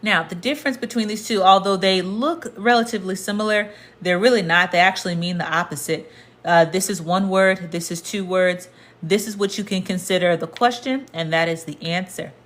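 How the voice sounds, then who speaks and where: Woman, slightly low voice, patient livestream teacher who repeats key words slowly. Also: fairly bright tone. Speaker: Spanish teacher. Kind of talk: casual livestream lesson.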